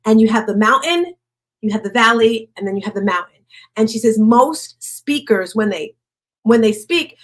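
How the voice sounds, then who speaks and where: A woman giving a personal motivational talk, chatting with the audience, asking them questions and slowing right down on key lines. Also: fairly high pitch, lively intonation. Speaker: speaker at a women's event.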